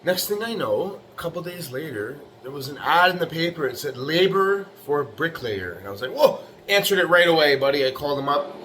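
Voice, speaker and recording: A man's voice: a little high, expressive, a little fast, few pauses, fairly bright tone, a little hiss or hum. A middle-aged man who lays bricks, giving a rambling, tough-talking motivational monologue full of swearing and "you know, right?". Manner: profane, blunt, tough-talking. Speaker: bricklayer vlogger.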